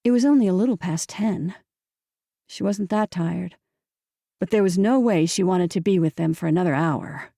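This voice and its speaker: A woman reads a novel aloud with measured, steady pacing. Her voice is dark and mellow with a gravelly fry, and the close studio mic leaves it dry, with no room sound. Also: on the low side, no room sound. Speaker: audiobook narrator. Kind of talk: scripted audiobook narration.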